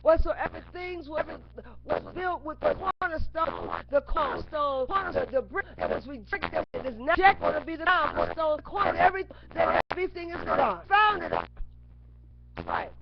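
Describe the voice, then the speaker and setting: A woman preaching an impassioned sermon-style monologue straight into her webcam. Her high voice swings widely and keeps slipping into a gravelly fry as she chants single words again and again. The muffled, lo-fi recording carries a clear layer of noise. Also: huge pitch swings, normal speed. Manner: repetitive, chanting words over and over; bursts into shouts. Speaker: webcam speaker. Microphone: webcam mic.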